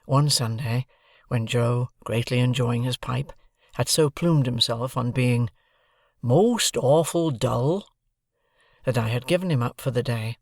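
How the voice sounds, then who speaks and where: A man narrating a classic novel as an audiobook, reading in a measured, deliberate way. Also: medium pitch, creaky, dry recording, clean studio sound. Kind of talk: scripted narration.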